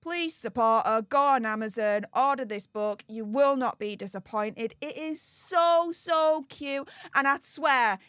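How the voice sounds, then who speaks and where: A woman's voice: high voice, measured pace, few pauses, fairly bright tone, smooth, dry recording, clean studio sound. A young woman with a Yorkshire accent, chatting upbeat on a live stream and thanking supporters by name. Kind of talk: casual live-stream chat.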